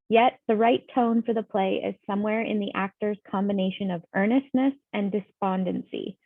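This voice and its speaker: A woman reading stage directions in a measured, explanatory manner. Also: mid-range voice, vocal fry, no echo, phone-quality sound. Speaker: play reader.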